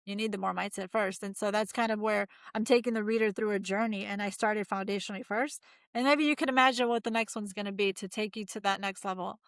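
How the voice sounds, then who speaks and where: A woman's voice: medium pitch, fairly even intonation, fast, no echo. A woman in her forties, a mindset coach talking as a guest in an upbeat, emphatic, motivational way. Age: 40s. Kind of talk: casual interview chat.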